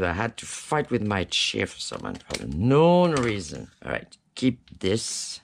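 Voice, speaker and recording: A man's voice: fairly low pitch, very animated, slow, vocal fry, few pauses, slight background noise. A man hosting a casual step-by-step craft tutorial. He talks while he works and keeps checking in with the viewer, asking "right?" and "okay?". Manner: chatty, reassuring teacher talking while working with his hands.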